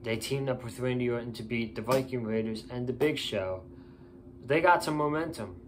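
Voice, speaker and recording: A man's voice: mid-range voice, normal speed, slight background noise. Tired, blunt man ranting in a review. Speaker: wrestling show reviewer. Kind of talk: casual opinionated review.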